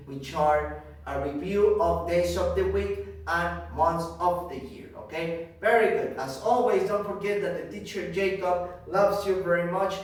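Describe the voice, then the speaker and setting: Male kindergarten teacher, slightly high voice, patient and deliberate, recorded far from the mic in a roomy space. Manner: slow and deliberate, repeating each point in Spanish; checks in with frequent "okay?". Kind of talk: recorded class for young children. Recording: echoey room, distant mic.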